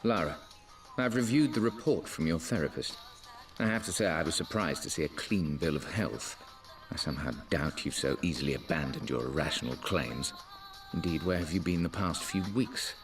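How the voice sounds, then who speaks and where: An actor playing a stern, threatening middle-aged uncle, reading a formal letter in a video game. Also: male voice, extremely low pitch, animated, moderate pace, recorded from a distance, faint music behind.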